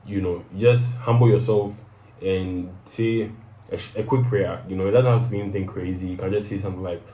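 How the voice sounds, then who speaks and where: A man's voice: deep voice, fairly even intonation, brisk, mellow, roomy sound, rough recording. A young man hosting his own show, giving casual motivational advice and often tagging "right?" onto his sentences. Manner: conversational, peppers sentences with "right?". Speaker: host of a personal advice show.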